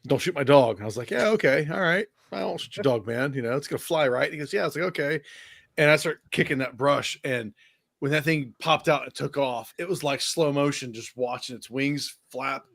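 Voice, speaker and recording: Profane animated man in his forties. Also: medium pitch, brisk, vocal fry, no echo. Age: 40s. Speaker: guest. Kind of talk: casual podcast chat.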